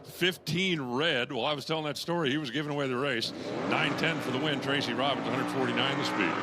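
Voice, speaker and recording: A man's voice: medium pitch, fairly quick, noisy background. A man calling drag races as the track announcer, filling the gaps between runs with chatty jokes and puns and raising his voice as the cars launch. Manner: raises his voice during launches and finishes. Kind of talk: live race commentary.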